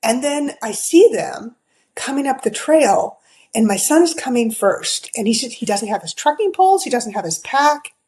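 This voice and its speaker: A woman's voice: on the high side, animated, normal speed, a little mellow, rough recording. A middle-aged woman, a podcast guest, telling a story in a chatty way, full of fillers and acted-out quotes. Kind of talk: casual storytelling.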